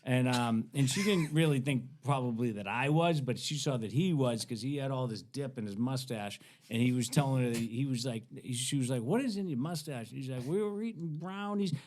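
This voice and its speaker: A middle-aged man telling funny stories on a podcast, animated and laughing as he acts out the people in them. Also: mid-range voice, normal speed, hardly any pauses, slight background noise. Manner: animated, laughing storyteller doing voices of others. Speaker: guest. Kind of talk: casual storytelling. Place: podcast studio.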